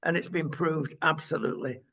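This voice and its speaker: A man's voice: on the high side, fairly even intonation, fairly quick, gravelly, bright, forceful tone. A man co-hosting a casual current-affairs chat, opinionated and rambling with lots of uhs. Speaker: co-host. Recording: dull lo-fi sound.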